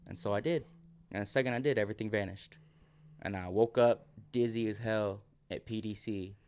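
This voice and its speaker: A man, a podcast guest, telling his own story in casual talk, acting out his quotes and dropping to a hush at tense moments. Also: lowish voice, a little fast, clean tone. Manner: vivid, acts out his own quotes, drops to near whisper.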